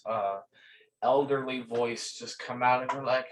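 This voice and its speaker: Steady game master, measured narration, off-mic. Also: mid-range voice, slight background noise. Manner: calm, measured scene-setting. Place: room at a gaming table. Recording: distant from the mic.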